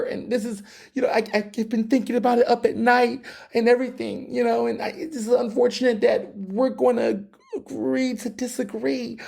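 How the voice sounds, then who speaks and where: A man's voice: extremely high pitch, creaky, a little mellow, slightly rough, pitched above the performer's own voice, full character voice. A man voicing a gushing, self-pitying person who over-apologizes, with a stammering, teary delivery.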